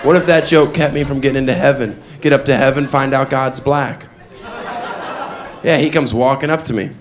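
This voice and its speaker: Stand-up comic, male, mid-pitched, live club with a noisy audience. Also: fairly even intonation, moderate pace. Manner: laughs at his own jokes, loud put-on voices. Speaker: stand-up comedian. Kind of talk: stand-up comedy set. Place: comedy club stage before a crowd. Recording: live club recording with crowd noise. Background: audience laughter.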